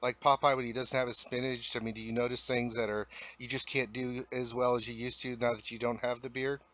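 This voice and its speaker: Bright, loose-talking man. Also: medium pitch, flat delivery, brisk, no room sound. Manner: loose, swearing, jokey banter. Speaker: livestream host. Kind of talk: casual gaming stream chat.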